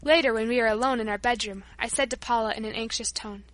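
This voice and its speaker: A woman narrating a story in a high, bright voice. She reads at a steady, measured pace. The recording is dry and close-miked. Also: no echo. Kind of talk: scripted narration.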